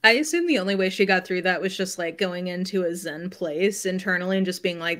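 Woman on a book club call, kinda low voice, wry, acts out her own comebacks. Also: a little fast, a bit bright. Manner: wry, mock-quotes people in exasperated asides. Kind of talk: casual video call book discussion.

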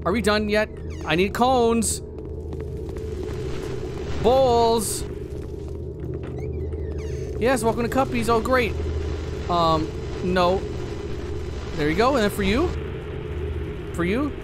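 A man giving jokey, animated commentary while playing a horror game. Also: high-pitched, slow, pauses often, background noise. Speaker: gaming video creator. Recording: loud game music behind voice.

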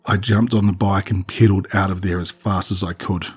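A man narrating a scripted horror story in a measured, dramatic way. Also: low-pitched, fairly even intonation, breathy edge.

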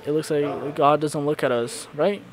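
A man delivers a sermon, voice sitting a little high for a man. He retells scripture stories in a halting way, often stopping to repeat and correct his words. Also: fairly even intonation, a crowd in the background, low-quality recording. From Florida congregation. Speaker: pastor.

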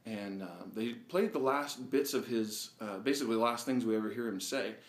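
A man at a middle pitch talks straight to his viewers in a sincere, reflective monologue. He sounds a little out of breath and often pauses with fillers as he gathers his thoughts. The recording has a roomy echo. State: slightly out of breath. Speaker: vlog host. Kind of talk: personal video monologue.

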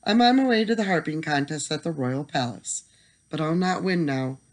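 Gentle old harper man, humble and kind, plain storybook voice, as the reader puts him on. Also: mid-range voice, expressive, normal speed, lightly acted. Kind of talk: storybook reading.

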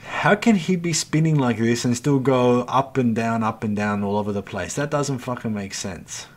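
A man's voice: mid-range voice, moderate pace. A man gives running commentary over his own gameplay as the channel host. He grumbles, swears freely and talks to himself and his viewers. His tone stays exasperated throughout.

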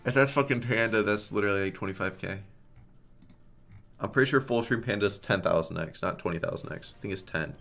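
A man with a very low voice calls out slot spins as he plays, cursing freely and groaning or yelling at the reels. Quiet game music plays underneath him. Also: brisk, vocal fry. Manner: swears a lot, groans and shouts at spins. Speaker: online slots streamer. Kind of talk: live gambling commentary.

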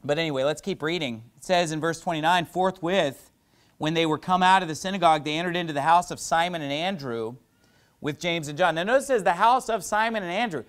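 A man's voice: a little high, fast talker, a bit bright, smooth. A middle-aged male pastor preaching a sermon, telling stories in a loose, conversational way with lots of "you know".

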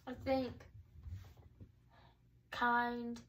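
A young woman co-hosting a casual get-to-know-me chat, relaxed and trailing off, with many soft mm-hmms. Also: fairly high pitch, very slow, recorded from a distance, low-quality recording. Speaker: co-host.

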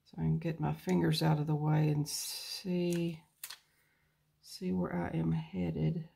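A woman's voice: low-pitched, level tone, slow, creaky, dark tone, breathy edge. A woman hosting a plan-with-me video, chatting casually to herself and her viewers as she decorates a planner page. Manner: chatty, talks to herself while crafting. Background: birds chirping outside.

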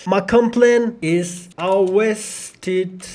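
A man doing casual, excitable let's-play commentary, swearing often and stammering over his words. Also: high-pitched, drawn-out words. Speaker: gaming YouTuber.

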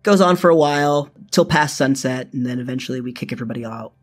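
A man's voice: medium pitch, quick pace, soft background music. A young man telling his own story in first person, casual and profane, full of fillers.

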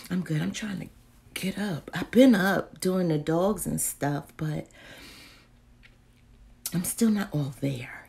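A woman's voice: sits low, creaky, a little mellow, breathy edge. A woman chatting casually through shopping deals, swearing and whispering asides to herself. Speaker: vlogger doing a live deal check-in. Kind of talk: casual chat.

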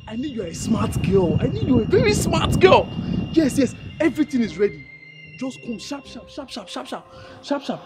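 High-voiced nigerian schemer rushing someone, music in the back. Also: female voice, big pitch swings. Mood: urgent. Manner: urgent, repeats words fast. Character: scheming woman, urgent and pushy. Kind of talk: film drama acting.

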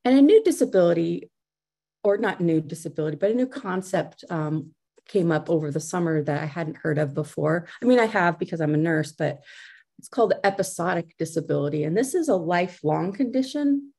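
A woman's voice: lowish voice, lively intonation, brisk, warm tone, slightly rough. A middle-aged woman giving a conference talk over a video call, speaking conversationally with fillers and restarts.

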